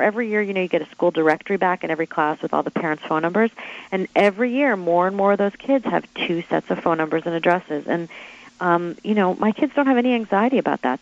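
A woman author being interviewed, telling stories in an animated, chatty way with quick asides and acted-out quotes. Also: on the low side, dull audio. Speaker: author guest. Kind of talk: interview storytelling.

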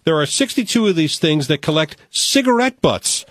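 A middle-aged man hosting a radio quiz show in a studio, brisk and joking as he reads questions to callers. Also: a little high, sing-song, a bit bright, no room sound.

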